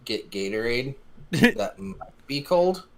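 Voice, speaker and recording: A man's voice: medium pitch, sing-song, slow pace, gravelly, crowd noise. A man co-hosting a podcast, chatting in a laid-back, agreeable way and sharing bits of trivia. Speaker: podcast co-host. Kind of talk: casual chat.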